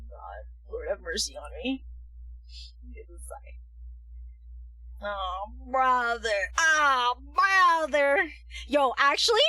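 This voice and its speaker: A woman streaming a game, giggling, apologizing to her chat and cheering loudly at the screen. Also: mid-range voice, no room sound, distant mic, low-quality recording. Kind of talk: casual live-stream commentary. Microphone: headphones on, desk mic.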